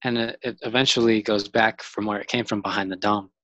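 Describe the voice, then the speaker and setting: Casual male storyteller, low voice, rambling delivery, dry close mic. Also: steady tone, a little fast, fairly bright tone, no room sound, dull audio. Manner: rambling, many fillers and restarts.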